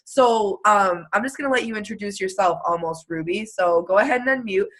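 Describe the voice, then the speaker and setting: A woman hosts a casual video call, gushing effusively with lots of "like," filler words, and laughter. Her mid-range voice is fairly bright, and she talks fairly quickly.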